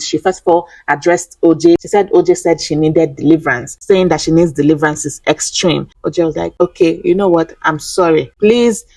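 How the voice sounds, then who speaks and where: A woman's voice: lowish voice, warm tone, no echo. A woman giving a chatty reality TV recap, full of laughs and asides. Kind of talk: casual gossip recap.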